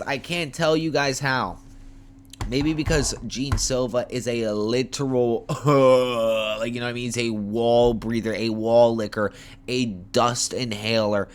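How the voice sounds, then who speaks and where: A man hosting a homemade fight-picks preview, talking in a lively, profane, joking way while tired and yawning late at night. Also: fairly low pitch. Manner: animated, profane, playful trash talk. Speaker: MMA fight picks host. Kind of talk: casual fight preview talk. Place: homemade setup.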